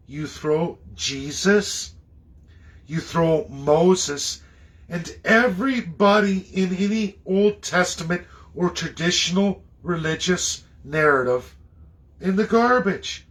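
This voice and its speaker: A man from Canada delivering an impassioned political rant, firing off rhetorical questions and swinging into high, mocking tones. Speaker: political commentator.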